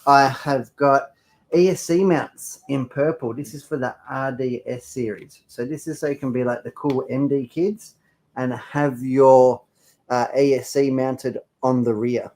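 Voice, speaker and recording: A man's voice: mid-range voice, a little slow, a little mellow. Upbeat man showing off parts. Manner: enthusiastic, playful, teasing. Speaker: hobby shop presenter. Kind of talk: casual product showcase chat.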